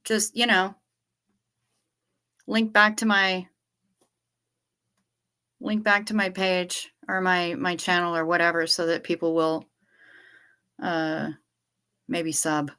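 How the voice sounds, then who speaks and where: A woman's voice: on the low side, level tone, slow, pauses often, pushed and bright, smooth. A woman hosting a livestream from home, chatting casually, rambling candidly and swearing freely. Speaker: livestream host.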